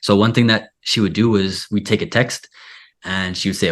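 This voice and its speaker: Laid-back man, lowish voice. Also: moderate pace. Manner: relaxed, rambling, many "like" and "yeah" fillers. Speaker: language teacher, show host. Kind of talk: casual conversation.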